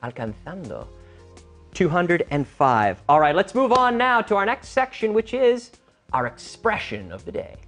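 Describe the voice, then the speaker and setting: An energetic man hosts a game show and teaches English with a lively, up-and-down voice. He is teacherly and drills the contestants. Faint music plays behind him. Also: high voice, a little slow. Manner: energetic, teacherly, stresses intonation.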